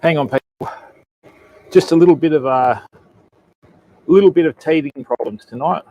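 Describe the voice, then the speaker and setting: An Australian man with a slightly high voice runs a relaxed fishing live stream from a beach in the dark. He greets viewers one by one and calls them mate and bud, in an easy, friendly way. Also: moderate pace, highs cut off. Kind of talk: casual live stream chat. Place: remote beach at night, outdoors.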